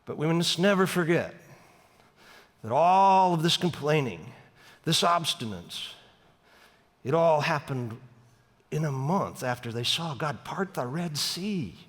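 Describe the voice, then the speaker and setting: A man preaching a sermon as pastor, conversational and storytelling, slowing down hard to make his points. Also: medium pitch, a bit bright, breathy edge, long reverb tail. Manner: conversational, storytelling with dramatic slowdowns. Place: church sanctuary.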